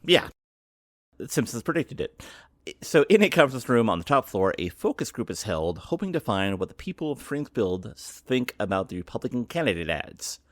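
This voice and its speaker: A man co-hosting a podcast, chatting casually with lively trivia asides. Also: medium pitch, moderate pace, no echo, clean studio sound. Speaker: podcast co-host. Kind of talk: casual chat.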